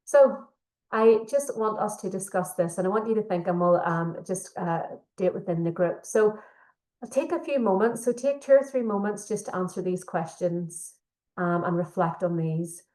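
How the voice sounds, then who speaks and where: Leading a leadership training session as its facilitator, a woman speaks at normal speed in a mid-range, slightly mellow voice. Her steady explanations are full of fillers, and the recording carries echo from the room.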